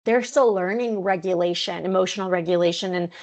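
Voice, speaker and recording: A woman's voice: lowish voice, brisk, darkish tone. A woman hosting a parenting podcast, talking in a casual, conversational way and putting on quoted voices. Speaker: podcast host. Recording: slightly dull lo-fi sound.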